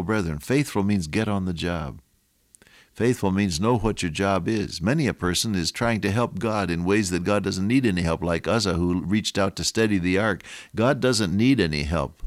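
A man's voice: low-pitched, a little slow, dry recording, studio quality. An older man preaching a radio sermon, telling stories and exhorting his listeners with earnest repetition.

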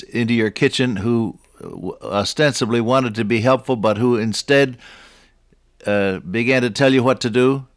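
A man's voice: medium pitch, normal speed, no room sound, studio quality. A man preaching a Bible teaching sermon in a conversational way, often asking his listeners rhetorical questions and chuckling at his own stories.

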